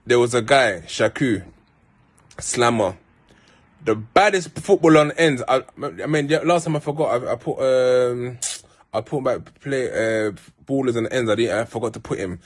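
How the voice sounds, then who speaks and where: A man's voice: mid-range voice, lively intonation, moderate pace. A man from South London with a South London accent, telling rambling, heartfelt stories in a casual monologue full of street slang and restarts. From Peckham, South London. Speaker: vlogger.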